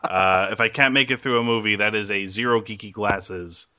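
A man with a bright, forceful voice chats loosely on a podcast. He rambles, restarts his sentences and laughs often. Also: fairly low pitch, steady tone, normal speed, clean tone. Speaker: podcast host. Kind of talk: casual chat.

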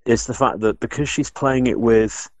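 A man's voice: medium pitch, fairly even intonation, moderate pace, a little mellow, no echo. A man from northern England co-hosting a casual discussion, rambling with many restarts and fillers. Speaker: podcast co-host.

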